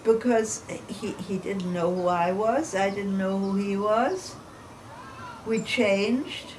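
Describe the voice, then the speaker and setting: Elderly woman interviewee, unhurried, chatty family anecdotes, recorded from a distance with noise behind. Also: medium pitch. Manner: chatty storyteller, laughs between anecdotes. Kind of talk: oral history reminiscence. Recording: distant mic with background noise.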